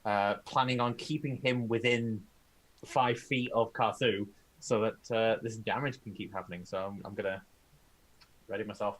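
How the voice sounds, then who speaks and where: A young man playing a tabletop game, calmly reading out spell rules in a measured way. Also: on the low side, low-quality recording. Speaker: player. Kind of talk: casual tabletop game play.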